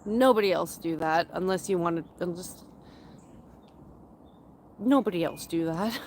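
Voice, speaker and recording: A Canadian woman in her thirties hosts a livestream, talking slowly and loosely with her viewers. Her voice sits a bit low, and her nose is runny. Faint outdoor ambience hums underneath. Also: darkish tone, a little hiss or hum. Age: 30s. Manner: slow, rambling and chatty, with frequent fillers and laughs. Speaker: livestream host. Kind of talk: casual livestream chat, answering viewers. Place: outdoors in a forest area.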